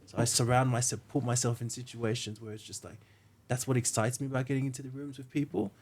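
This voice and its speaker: A man's voice: medium pitch, little pitch movement, fast, a little mellow. A man, a podcast guest, telling stories earnestly in a casual way, often saying "like". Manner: earnest storyteller, says "like" and "mate" a lot.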